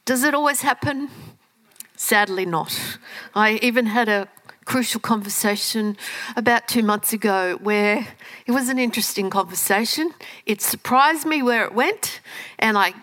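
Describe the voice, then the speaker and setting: A woman giving a lively talk to an audience, often restarting her sentences. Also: fairly high pitch, moderate pace, rough recording. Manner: lively, animated, with frequent fillers and restarts. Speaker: speaker teaching communication skills.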